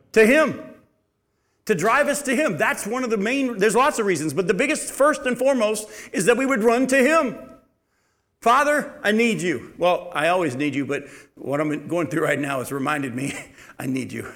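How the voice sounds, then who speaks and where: A man teaching a Bible study in an animated, emphatic way. He asks the audience questions and answers them himself. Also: sits high. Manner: animated, emphatic preaching with sudden loud rises and quiet drops.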